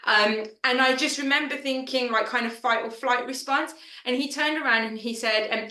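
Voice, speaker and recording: A woman's voice: on the high side, moderate pace, hardly any pauses, pushed and bright, reverberant. A woman founder telling a personal story in a casual fireside chat, chatty and emotional, with lots of fillers. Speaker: founder of an assistant network, fireside chat guest.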